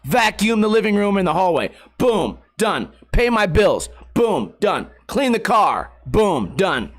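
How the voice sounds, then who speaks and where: High-voiced man, rambling and profane. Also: a little slow, faint music behind. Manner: rambling, profane, animated storytelling. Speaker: podcast host. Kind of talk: casual solo podcast monologue.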